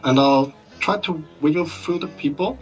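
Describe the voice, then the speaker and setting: A man's voice: fairly high pitch, normal speed, faint music behind, low-quality recording. A man playing a tabletop game, talking in character in a pushy, sarcastic way. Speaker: player.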